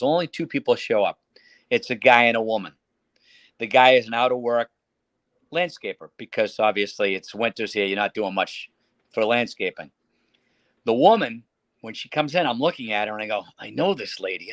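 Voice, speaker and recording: A man's voice: medium pitch, no room sound. Boston man telling prank-call stories. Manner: animated anecdote teller who slips into put-on voices. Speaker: guest; radio entertainer and prank caller. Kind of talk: storytelling in a casual interview.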